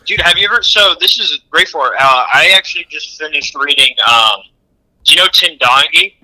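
A man's voice: a little high, lively intonation, normal speed, bright, forceful tone, rough recording. A man as a podcast guest in casual chat, easygoing and agreeable but blunt when he disagrees.

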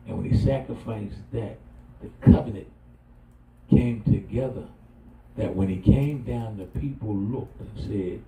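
A man's voice: lowish voice, unhurried, creaky, dark tone. A middle-aged man preaching a sermon as pastor, folksy and humorous, inviting call and response. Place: church sanctuary. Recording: echoey church, distant mic, faint noise.

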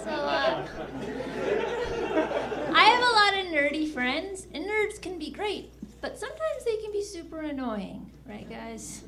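A woman performing a stand-up comedy set, telling deadpan jokes and giggling at her own lines, with silly voices for characters. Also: very high voice, measured pace, a crowd in the background. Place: comedy club with a live audience. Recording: loud audience and room noise.

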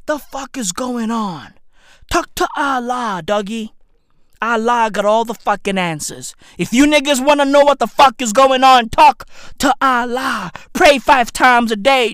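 A woman doing a profane, boastful comedic podcast rant at home, full of slang and loud outbursts. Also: on the high side, no room sound, studio quality. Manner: boastful, slangy, shouty and laughing, calls listeners bruv. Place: at home, neighbor's dog nearby.

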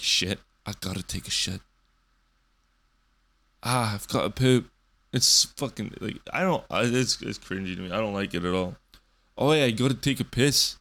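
Rambling profane young man, low voice. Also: fairly bright tone. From Canada. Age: 20s. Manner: profane, rambling, joking, with many fillers and restarts. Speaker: streamer and podcast host. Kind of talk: casual rambling monologue.

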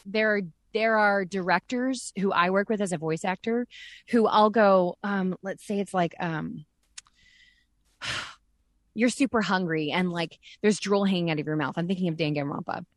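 A woman's voice: mid-range voice, moderate pace, dry recording. A woman who works as a voice actress and director, talking openly and chattily as a podcast guest and acting out sounds in her stories. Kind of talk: candid casual podcast chat.

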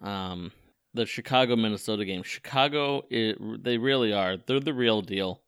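Young male sports podcast co-host, bright and crisp voice, dry close mic, animated and laughs a lot. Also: on the low side, normal speed, dry recording. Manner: animated, laughs often, repeats words when excited. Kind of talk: casual sports chat.

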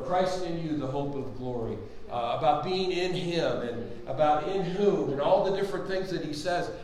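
A man's voice: echoey room, slight background noise, low-quality recording. Fervent male Bible teacher. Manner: fervent, exclaims hallelujah and amen; swings between loud preaching and low, quiet explaining.

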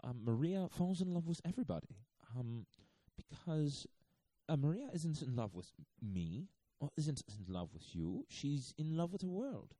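A man voicing an earnest, accented male art curator, speaking slowly and solemnly. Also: fairly high pitch, sing-song, dark tone, no echo, pitched above the performer's own voice.

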